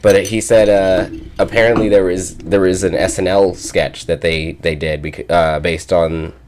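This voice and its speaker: Very deep-voiced man, hesitant casual chat. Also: steady tone, unhurried, noisy background. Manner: hesitant, full of fillers and restarts, playful teasing. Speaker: podcast co-host.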